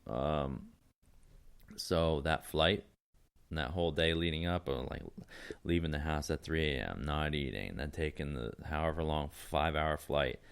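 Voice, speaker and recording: A young man, a podcast guest telling rambling, animated stories and laughing often. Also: a bass voice, smooth. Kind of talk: casual storytelling chat.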